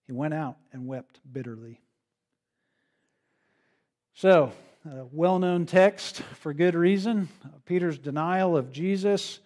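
Man, pastor, sermon, conversational, tag questions, somewhat high-pitched voice. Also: slow pace, pauses often, a little mellow. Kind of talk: expository sermon.

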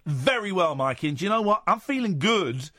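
A man hosting a radio show in a studio, chatting casually with an animated, jokey, teasing manner. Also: high voice, brisk, no echo. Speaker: radio host. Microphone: studio microphone.

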